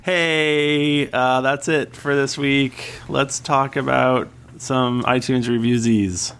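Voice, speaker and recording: Relaxed man on a podcast. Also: mid-range voice, slow, clean tone. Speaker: podcast co-host. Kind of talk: casual podcast chat.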